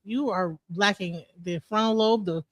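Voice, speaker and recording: A woman's voice: mid-range voice, normal speed, no echo, clean studio sound. A woman on an online panel call who talks bluntly and mocks the others, with frequent swearing. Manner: mocking, blunt, profane. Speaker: panel participant. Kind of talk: heated online panel debate.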